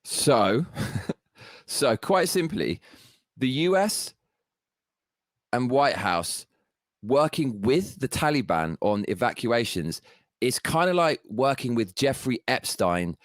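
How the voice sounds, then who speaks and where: A man in the middle of a furious political rant, swearing freely and dripping with sarcasm. His voice sits at an ordinary middle pitch. The sound is close and dry, with no room echo. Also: big pitch swings, takes it slowly, pauses often. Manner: profane, heated, sarcastic ranting. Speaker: political commentator.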